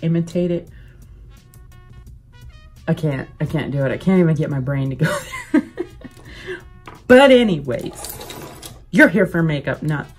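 A woman with a low voice chats casually and rambles as a beauty vlogger, dropping "like" into every other phrase. Soft music plays faintly under her talk. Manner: chatty, rambling, lots of "like" fillers. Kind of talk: casual chat while doing makeup.

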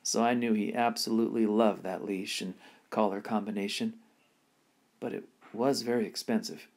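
A man reading a children's novel aloud in an expressive storytelling manner. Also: on the low side, moderate pace, vocal fry. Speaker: reader.

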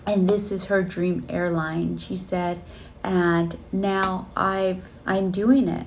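Casting: female vlogger, heartfelt storyteller, a little gravelly, faint room hiss. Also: on the low side, steady tone, slow pace, darkish tone. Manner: earnest and emotional, many fillers. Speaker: flight attendant vlogger. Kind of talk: casual storytelling vlog. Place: hotel room on a layover.

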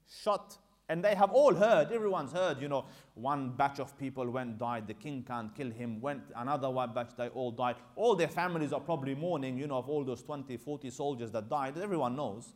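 A man's voice: on the high side, moderate pace. A male Islamic teacher giving a religious history lecture, telling the story in a conversational way and acting out the dialogue.

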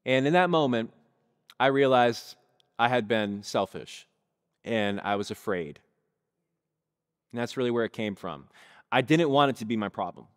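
A man's voice: mid-range voice, lively intonation, normal speed, long pauses, smooth. A male pastor preaching a sermon, telling a story vividly and speaking directly to his congregation, in a church sanctuary on a stage mic. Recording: long reverb of a church hall.

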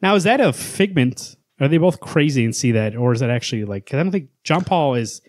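A man's voice: medium pitch, lively intonation, brisk, no echo, studio quality. A man co-hosting a podcast, chatting casually as he recaps a comic and acts out lines from its panels. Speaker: podcast co-host.

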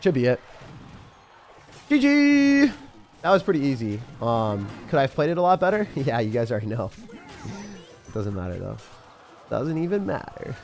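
A young man giving live commentary as he plays a mobile game, thinking aloud and breaking into sudden excited yelps. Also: mid-range voice, fairly quick, creaky, soft background music. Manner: excitable, talks to himself while playing, sudden yelps. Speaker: game streamer.

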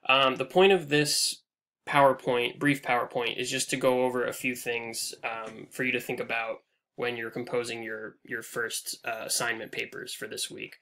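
A man teaching a recorded online lecture over slides, casual and full of "um"s, his phrases trailing off quietly at the ends. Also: medium pitch, level tone, normal speed, gravelly. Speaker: English instructor.

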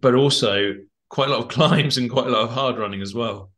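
A man hosting an interview podcast who asks his questions haltingly, often restarting his sentences. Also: mid-range voice, fairly bright tone. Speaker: podcast host.

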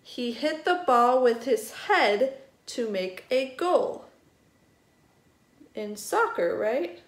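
A woman teaching a first grade vocabulary lesson at a distance, spelling each word out slowly and explaining it gently for young children. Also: fairly high pitch, animated. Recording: echoey room.

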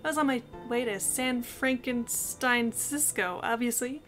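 A woman's voice: on the high side, unhurried, fairly bright tone. A woman doing a bubbly hippie girl. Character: cheery young hippie girl who loves chaos. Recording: game music underneath.

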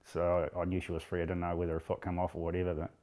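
A man's voice: sits low, monotone, very fast, darkish tone. A middle-aged man with a New Zealand accent, recounting a rescue in plain, blunt words during an interview. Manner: plain-spoken, blunt storyteller.

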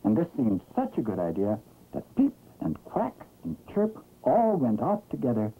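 A man narrating a children's cartoon storybook-style, gentle and animated. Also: mid-range voice, unhurried, slightly rough. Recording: muffled, hissy 1960s film soundtrack.

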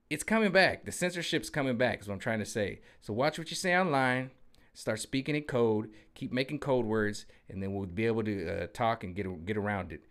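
A man delivering a sarcastic, animated political rant as a vlogger, acting out voices of others. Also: fairly low pitch, fairly quick. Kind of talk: ranting political commentary monologue.

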